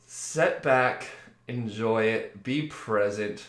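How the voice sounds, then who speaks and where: A man's voice: mid-range voice, moderate pace, fairly bright tone. A man hosting a casual spiritual talk, rambling and acting out the voices he quotes, with many fillers. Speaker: spiritual video host. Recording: roomy echo.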